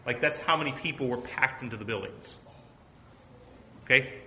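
Earnest man preaching, bright voice. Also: mid-range voice, normal speed, slight background noise. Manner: earnest, asks the group questions. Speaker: pastor teaching a Bible study. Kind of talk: conversational sermon. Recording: echoey room.

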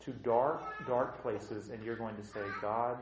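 This unhurried, medium-pitched pastor preaches a blunt, conversational sermon, animatedly acting out doubting churchgoers and quizzing the congregation. The lo-fi recording has a noisy background and roomy church reverb.

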